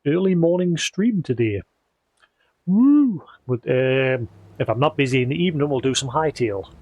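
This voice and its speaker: A man's voice: medium pitch, fairly quick, darkish tone, no room sound. A man chatting casually as he streams a video game, thinking aloud in an easygoing way. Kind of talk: casual live-stream commentary.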